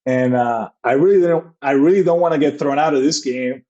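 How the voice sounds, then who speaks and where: A man in the middle register tells baseball stories on a podcast. His talk is loose and rambling, stacked with fillers and repeated starts. He breaks into quick acted-out dialogue as he tells it. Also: mid-range voice, warm tone, dull audio. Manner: rambling anecdotes with many fillers and acted-out quotes. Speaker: baseball manager, podcast guest. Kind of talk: casual storytelling interview.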